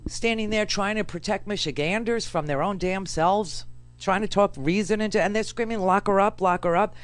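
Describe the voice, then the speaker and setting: Brash sarcastic New woman radio host. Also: medium pitch. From New York. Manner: brash, sarcastic, animated with frequent fillers. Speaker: radio talk show host. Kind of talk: political commentary monologue.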